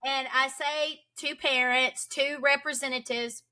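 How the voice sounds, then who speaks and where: A woman's voice: high-pitched, level tone, unhurried, sharp tone. A woman homeschool advocate from Tennessee, talking urgently and emphatically as a guest in a podcast interview. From Tennessee, United States.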